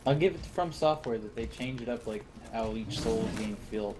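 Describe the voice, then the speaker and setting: A man chatting casually on a game stream, curious and asking questions with occasional excited outbursts. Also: lowish voice, normal speed, background noise. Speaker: co-host. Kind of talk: casual gaming chat.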